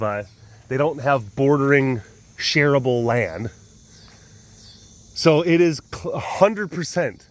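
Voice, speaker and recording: A man with a slightly higher voice, hosting a big cat webcast from outdoors. He talks in a loose, meandering way, trips over his own sentences and laughs as he goes. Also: fairly bright tone, no echo. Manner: chatty and meandering, many restarts, laughs often, now and then mimics animal sounds. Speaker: big cat sanctuary keeper and webcast host. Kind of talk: casual rambling talk to camera. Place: outdoors at a wild animal facility.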